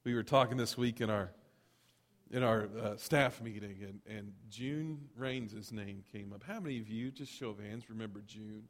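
A middle-aged male pastor telling stories in a sermon, swinging from loud to hushed. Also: fairly low pitch, moderate pace. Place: church sanctuary. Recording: long hall reverb.

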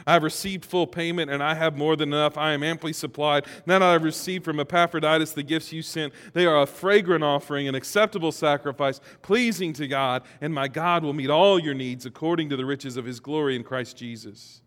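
Preaching in a large hall with long reverb, this male pastor speaks a little fast with hardly any pauses, his fairly high voice fairly bright. He's folksy and jokes around, getting the congregation to repeat phrases back in call-and-response.

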